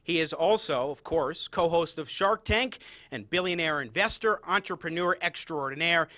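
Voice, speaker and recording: A man's voice: on the high side, normal speed, sharp tone, no room sound. A young adult man hosting a talk show in an upbeat, enthusiastic way. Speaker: host.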